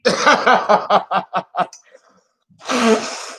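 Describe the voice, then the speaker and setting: A man's voice: high voice, very slow, fairly bright tone. A man hosting an astrology channel, talking casually and theatrically, often exclaiming and laughing at himself. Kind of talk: casual solo astrology talk.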